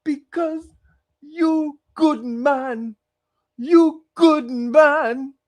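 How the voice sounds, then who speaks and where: Man doing a dying young woman, slow and tearful. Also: very high voice, voice pushed up, full character voice. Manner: slow, broken, tearful pleading.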